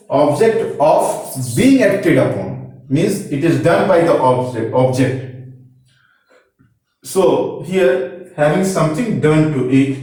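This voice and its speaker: Male grammar teacher, higher voice, slow and repetitive, recorded from a distance in a very echoey room. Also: darkish tone. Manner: slow, repetitive explaining, pointing to examples. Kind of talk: classroom-style explanation.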